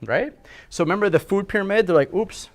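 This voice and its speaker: A middle-aged man giving a casual, animated health talk to a live audience, often asking them to agree. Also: high voice, fast. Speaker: health speaker.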